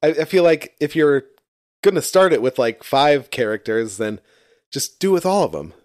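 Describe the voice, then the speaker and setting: A man with an average-pitched voice riffs on a TV episode, mocking it with crude jokes and frequent laughter. His talk is loose and unscripted, full of fillers. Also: big pitch swings, moderate pace, darkish tone, no echo, studio quality. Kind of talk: casual chat reviewing a TV episode.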